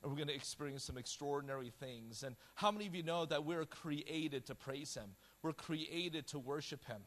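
Guy preaching a sermon, passionate and loud, tells his story with lots of quotes. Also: fairly high pitch, moderate pace. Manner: storytelling with quoted dialogue, repeated words. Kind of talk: sermon with personal testimony.

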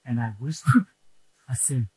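A male preacher telling a story in a sermon, animated and acting out the scenes with shouts. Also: mid-range voice, a little slow, slightly rough, dry recording, poor audio.

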